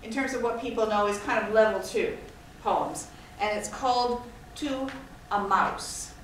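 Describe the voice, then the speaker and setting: A Scottish woman, the guest speaker, gives an informal, digressive talk to an audience, chatty and self-deprecating. Her voice is on the high side and unhurried, picked up from far off in an echoey hall with faint noise.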